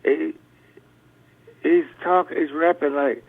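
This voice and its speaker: An older blues musician talking as a radio interview guest, rambling through stories with many restarts. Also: male voice, mid-range voice, normal speed, gravelly. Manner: rambling storyteller, restarts often. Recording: tinny phone line.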